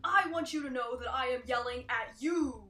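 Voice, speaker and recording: A woman voicing a loud person who yells slowly and emphatically while pointing. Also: high voice. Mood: yelling. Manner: shouting, slow and emphatic. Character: loud shouting person jabbing a finger. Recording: echoey room with faint music.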